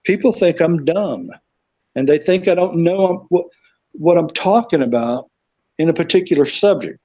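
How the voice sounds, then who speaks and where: A man's voice: on the high side, expressive, normal speed, mellow, no room sound, low-quality recording. A man with a Southern US accent, telling his story in a rambling, casual way on a remote call. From South Carolina, USA. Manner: rambling storyteller, acts out quoted voices. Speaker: guest. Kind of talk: casual conversation.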